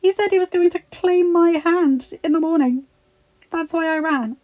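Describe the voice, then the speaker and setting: A woman voicing a frightened, gentle young heroine, tearful and pleading with shaky breath, in a storybook reading. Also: sits high, normal speed, vocal fry, voice pushed up. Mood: distraught. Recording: slightly dull, faint background music.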